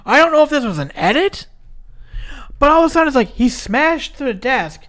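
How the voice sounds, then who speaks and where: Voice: high voice, sing-song, a little fast, a bit bright. A podcast co-host in their thirties, from Minnesota, recapping a wrestling match in casual chat, swearing freely and talking with lots of likes and restarts.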